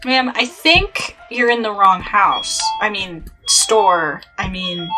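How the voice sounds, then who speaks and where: A woman's voice: medium pitch, slow, few pauses, sharp tone. A young woman chatting playfully through a horror game, with exasperated asides. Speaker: gaming channel host. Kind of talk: let's play commentary. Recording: faint game music behind.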